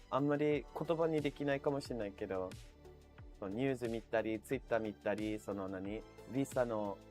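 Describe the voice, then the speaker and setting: A man streaming live, chatting casually and reading out viewer comments, swearing freely and laughing often. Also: medium pitch.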